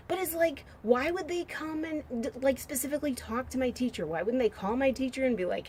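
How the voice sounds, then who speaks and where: A woman's voice: mid-range voice, expressive, fairly quick, a little mellow, a little hiss or hum. A woman in her forties talks casually to camera, rambling and joking in a half-serious way and musing aloud as she browses pictures. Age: 40s. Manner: muses aloud while browsing pictures on screen. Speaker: vlogger.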